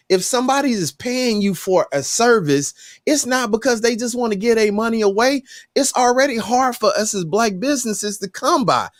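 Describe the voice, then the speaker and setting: A man with a notably high voice, chatting on a podcast. He tells stories with emphatic, sermon-like conviction. The sound is dry and close. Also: animated, moderate pace, dry recording. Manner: emphatic storyteller, preachy. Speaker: podcast co-host. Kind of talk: casual chat.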